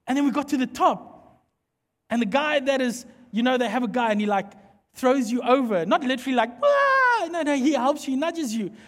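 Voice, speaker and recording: A man preaching a sermon, animated and playful as he jokes with the congregation. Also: extremely high pitch, fairly quick. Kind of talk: sermon with humorous storytelling. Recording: long hall reverb.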